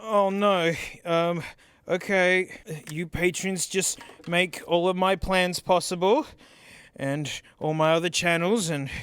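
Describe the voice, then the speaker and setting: A young man chatting casually in a vlog, slangy and excitable, groaning and yelling as he tests gadgets. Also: high-pitched, a little hiss or hum. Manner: excitable, slangy, yells and groans while testing gear. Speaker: tech reviewer.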